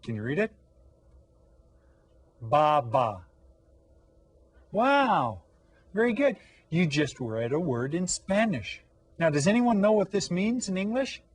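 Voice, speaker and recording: A man teaching an elementary language lesson, patient and encouraging, pausing to ask children questions. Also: high voice, big pitch swings.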